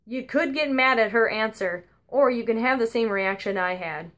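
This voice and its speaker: A woman's voice: fairly high pitch, normal speed, fairly bright tone. A woman giving a eulogy for her grandmother, telling anecdotes in a conversational, wry way at a funeral service. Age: adult. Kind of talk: humorous eulogy storytelling.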